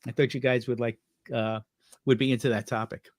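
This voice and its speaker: A man's voice: mid-range voice, little pitch movement, brisk, no room sound, studio quality. A man chatting as a guest on a talk show, telling rambling anecdotes and laughing at his own stories. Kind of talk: casual chat.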